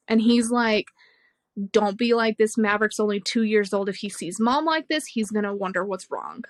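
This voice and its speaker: A woman's voice: medium pitch, moderate pace, dry recording. Frank young woman telling a hard story. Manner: frank and emotional, swears freely, laughs between hard moments. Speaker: podcast guest. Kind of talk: candid conversational storytelling.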